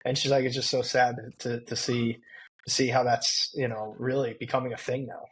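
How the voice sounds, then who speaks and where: Husky man agreeing and griping. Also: medium pitch, level tone, moderate pace, fairly bright tone, poor audio. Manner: agreeable, frequent backchannel, exasperated. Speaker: podcast co-host. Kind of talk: casual chat.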